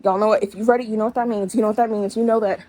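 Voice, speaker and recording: A woman book vlogger talking casually to camera, excitable and dramatic, ranting with swearing. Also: medium pitch, racing, dry recording, poor audio. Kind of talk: casual reading vlog.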